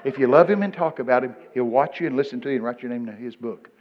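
An older man preaching a folksy sermon full of stories, breaking into loud excited bursts. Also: medium pitch, fast talker, slight background noise. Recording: muffled lo-fi recording.

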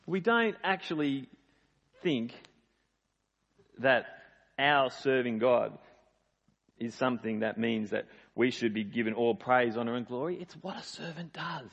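A man's voice: medium pitch, unhurried, vocal fry, pauses often, a bit bright. A man preaching a sermon in a conversational, emphatic way. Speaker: pastor. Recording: dull lo-fi sound in a reverberant hall.

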